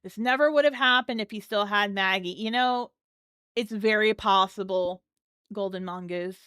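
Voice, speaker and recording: A woman's voice: mid-range voice, moderate pace, bright, forceful tone, smooth, no echo, clean studio sound. A woman hosting a live stream, chatting casually and thanking viewers as she comments. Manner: chatty, keeps thanking chat supporters.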